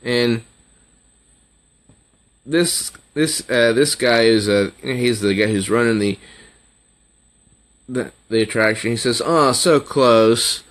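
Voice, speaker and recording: A man casually reviewing a comic book, talking slowly and haltingly. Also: mid-range voice. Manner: slow, halting, with fillers and restarts.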